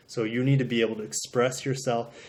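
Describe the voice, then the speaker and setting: A man talking to camera in an even, middle-pitched voice, sharing tips for growing a channel. He sounds earnest and a bit self-deprecating, and he often doubles back and repeats words as he explains. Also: fairly quick. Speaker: YouTuber. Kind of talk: advice monologue to camera.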